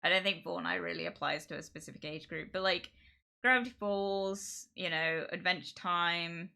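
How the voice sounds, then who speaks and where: A woman streamer chatting casually from her home office into a streaming mic, rambling and quick to laugh. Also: on the low side, steady tone, creaky, bright, forceful tone. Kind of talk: casual livestream chat. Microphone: streaming microphone.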